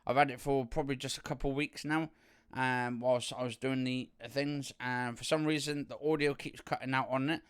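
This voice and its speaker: A man's voice: mid-range voice, steady tone, normal speed, clean tone, dry recording. A man vlogging to camera in a casual, rambling way, full of ums and restarts, into a studio condenser mic. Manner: rambling with frequent fillers and restarts. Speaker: youtuber. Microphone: studio condenser microphone.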